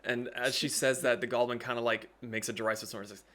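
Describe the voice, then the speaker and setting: A man narrating a tabletop game as game master, in a relaxed, hedging way. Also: mid-range voice, fast.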